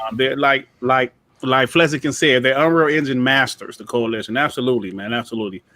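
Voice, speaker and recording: A man co-hosting a casual gaming podcast, relaxed and slangy, reading viewer donations aloud. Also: medium pitch, quick pace, no echo. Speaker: podcast co-host.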